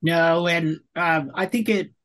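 A man, a surgeon guest in an interview, answering in a measured, matter-of-fact way. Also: on the high side, steady tone, fairly bright tone. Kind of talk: conversational interview.

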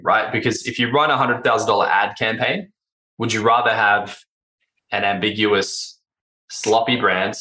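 A man's voice: on the low side, pushed and bright, roomy sound, poor audio. A man, a branding agency founder, explaining his ideas energetically in a podcast interview, asking rhetorical questions and acting out what clients say.

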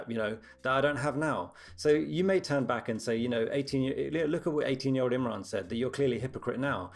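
A man's voice: mid-range voice, brisk, gravelly, hardly any pauses, faint music behind. A young man in casual podcast chat, thinking aloud in a reflective way.

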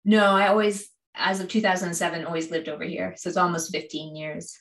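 A woman's voice: on the low side, little pitch movement, brisk, roomy sound. A woman from Canada with a Canadian accent touched by a slight British twang, chatting in an interview about cycling with frequent laughs and fillers. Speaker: cycling YouTuber, guest. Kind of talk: casual interview chat.

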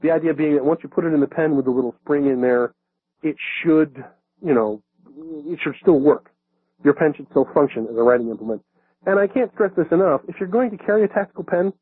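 A man's voice: a little high, slightly rough, dry recording. Man teaching self-defense over a thin line. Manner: conversational, with fillers and restarts. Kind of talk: casual instructional talk. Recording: dry, narrow phone-like sound.

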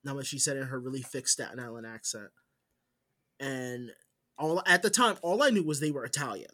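A male podcast co-host in loose, casual chat. He tells his stories with lots of animation, cursing freely and jumping between loud bursts and low, hushed asides. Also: brisk.

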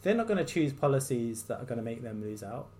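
A man's voice: mid-range voice, very animated, fast, darkish tone. A man hosting a solo podcast, a doctor, talking in a loose, rambling way with an exasperated, sardonic edge. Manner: exasperated, sardonic, mocking quoted voices; loose and rambling, with many fillers and restarts.

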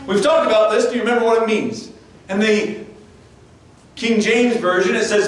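A man's voice: sits high, steady tone, normal speed. A man preaching a sermon as pastor, earnest, often restarting and stumbling over his words. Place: church sanctuary. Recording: echoey church room, distant mic, faint noise.

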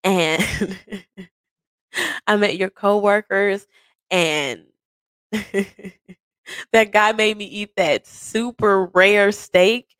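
A woman podcast host telling a personal story in a casual way, animated and often laughing. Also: no echo. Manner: animated, quick swings into high quoted voices; frequent laughs.

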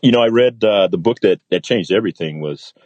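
Male guest, military pilot, low husky voice, lively storyteller who acts out the quotes. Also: a little fast, no room sound. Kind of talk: storytelling in a casual interview.

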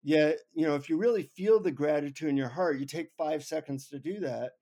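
A man on an interview show telling a funny personal story with lively, self-mocking humor. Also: a little high, a little fast. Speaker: guest. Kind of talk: anecdotal storytelling.

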